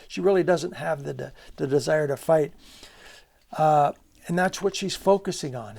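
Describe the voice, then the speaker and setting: Earnest gravelly man lecturing on literature. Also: a little high, dark tone. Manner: earnest, emphatic, rhetorical questions, many restarts.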